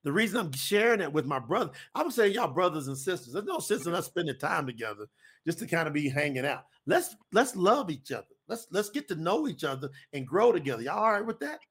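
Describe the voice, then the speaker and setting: Preacher, man in his 50s, high-pitched and lively, folksy, repeats himself for emphasis. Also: brisk, husky. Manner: animated, folksy, repetitive. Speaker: preacher and co-host. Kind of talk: preaching talk to an audience.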